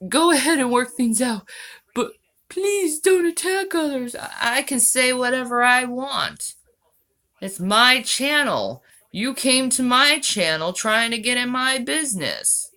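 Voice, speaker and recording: A woman's voice: on the high side, expressive, a little slow, sharp tone. A woman hosting her own channel, answering viewer comments in a sarcastic, mocking tone. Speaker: channel host. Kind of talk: vlog reacting to viewer comments.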